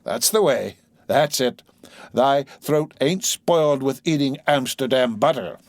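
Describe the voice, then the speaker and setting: A man's voice: mid-range voice, expressive, a little slow, no room sound, pitched above the performer's own voice. A man voicing rowdy male sailors who hail and bellow across the deck. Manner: hearty, bellowing. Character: loud rowdy male sailors calling the watch.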